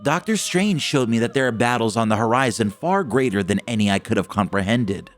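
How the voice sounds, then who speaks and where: A man's voice: mid-range voice, animated, fairly quick, close to an everyday voice. A man doing a solemn sorceress. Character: calm serious woman sorceress.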